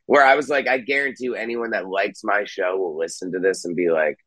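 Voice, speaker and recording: A man's voice: fairly low pitch, a little fast, dry recording, low-quality recording. Candid, swearing young man musician. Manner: candid, animated, swears freely, acts out quotes. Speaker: podcast host and band musician, guest here. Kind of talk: casual podcast chat.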